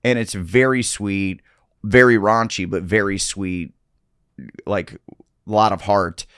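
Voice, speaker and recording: A comedian guest on a podcast, telling loose stories in casual chat and swearing freely. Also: male voice, lowish voice, fairly even intonation, slow, fairly bright tone, clean tone, dry recording, clean studio sound. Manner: loose, swearing storyteller with quoted voices.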